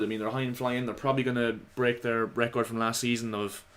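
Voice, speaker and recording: A man giving casual, opinionated football commentary to his viewers, slightly hoarse. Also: mid-range voice, level tone, fast, fairly bright tone. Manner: chatty, opinionated, addresses viewers as lads. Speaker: football vlogger.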